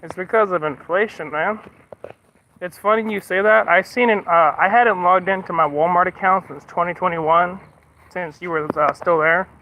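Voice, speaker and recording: Speaking at a moderate pace in a high voice, an American streamer swears freely as he rants during casual livestream chat and then apologizes. The stream audio is slightly muffled, with a little hiss or hum.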